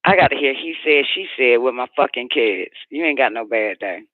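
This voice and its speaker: A man's voice: mid-range voice, expressive, fairly quick, dry recording, close to an everyday voice. Guy putting on an angry woman cussing out her man, dry phone-line sound. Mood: furious. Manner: profane, shouting, scornful rant. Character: furious woman ranting at her partner.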